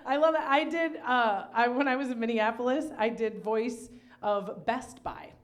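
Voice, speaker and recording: A woman's voice: fairly high pitch, moderate pace. A woman hosting a live variety show, chatting enthusiastically with her guest and acting out quotes. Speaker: host. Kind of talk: casual interview chat. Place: outdoor live show at an RV park.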